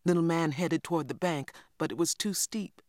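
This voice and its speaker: Audiobook narrator with a steady, even delivery, close-miked and dry. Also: medium pitch, normal speed, dry recording.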